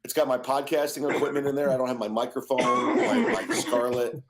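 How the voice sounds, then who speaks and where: A man's voice: mid-range voice, fairly even intonation, brisk, over loud music. A man in a played clip, complaining in an exasperated way about a lost bag.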